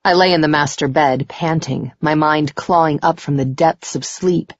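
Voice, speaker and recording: A woman narrating a first-person romance audiobook in a slow, intimate way. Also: low voice, no room sound. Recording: slightly dull lo-fi recording.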